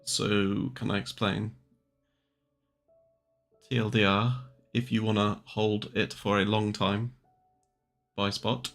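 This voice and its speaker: Gravelly, joking streamer. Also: male voice, lowish voice, little pitch movement, slow pace, long pauses, a bit bright. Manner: joking, swearing, answering viewers' questions. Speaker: trading livestream host. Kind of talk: casual livestream chat. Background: faint music.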